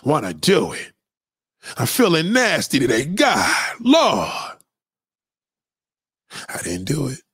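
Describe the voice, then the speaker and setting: A man streaming a casual, profane monologue, preachy and animated as he lectures his viewers. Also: mid-range voice, moderate pace, slightly rough, dry recording, studio quality. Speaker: live streamer.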